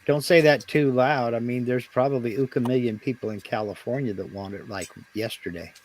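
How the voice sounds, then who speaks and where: A man's voice: medium pitch, fairly quick, a little mellow, a little hiss or hum. A man chatting casually as a guest on a live stream, wry and talkative. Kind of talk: casual chat.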